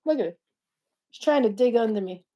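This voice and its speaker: A woman's voice: fairly high pitch, animated, brisk, dark tone, highs cut off. A middle-aged woman hosting a casual livestream chat, bubbly and teasing, laughing often. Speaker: host.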